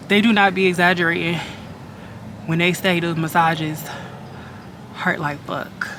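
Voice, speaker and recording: A woman's voice: fairly low pitch, steady tone, unhurried, long pauses. A young woman vlogging casually, candid and blunt, swearing freely as she talks to her viewers. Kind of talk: casual vlog diary. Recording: background noise.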